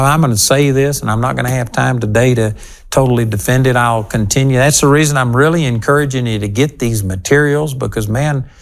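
A man teaching the Bible on his broadcast program. He talks straight to his listeners, and his voice leaps up on key points. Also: medium pitch. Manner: emphatic, talking straight to listeners.

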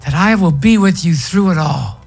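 A male pastor voicing an eager, boastful adult male disciple who protests his loyalty insistently, pitched higher than his own voice. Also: expressive, moderate pace, creaky, soft background music.

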